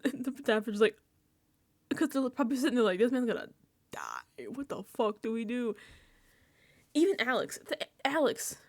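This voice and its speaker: A young woman chatting casually on a reality-TV recap vlog, animated and laughing, acting out quotes and swearing freely. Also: a little high, no room sound. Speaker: recap vlogger. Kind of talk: casual reality-TV reaction chat.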